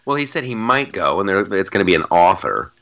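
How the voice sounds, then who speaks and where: A man's voice: low voice, sing-song, brisk, fairly bright tone. A man co-hosting a podcast in casual political chat, emphatic and repeating his punchlines for effect. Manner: emphatic, repeats phrases, mock-boastful. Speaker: podcast co-host.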